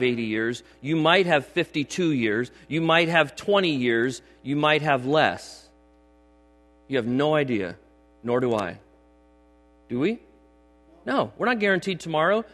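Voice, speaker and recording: A man's voice: a little high, fairly bright tone. A middle-aged man preaching a sermon in a church, emphatic and conversational, often checking in with the congregation. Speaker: pastor. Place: church sanctuary. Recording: long hall reverb with mains hum.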